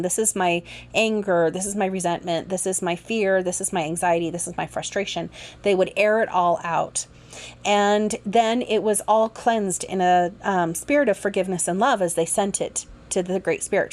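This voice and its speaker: A woman guides listeners through a spiritual lesson on forgiveness. She speaks gently and earnestly in a mid-range voice, with the odd "um" as she explains. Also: mid-range voice. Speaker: forgiveness course teacher.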